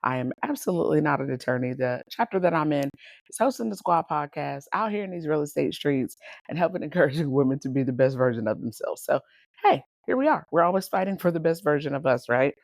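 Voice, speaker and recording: A woman hosting a podcast, telling stories in a lively, animated way, laughing often and calling her listeners y'all. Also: low-pitched, quick pace, creaky, no room sound, studio quality. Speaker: podcast host and coach. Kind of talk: casual storytelling monologue.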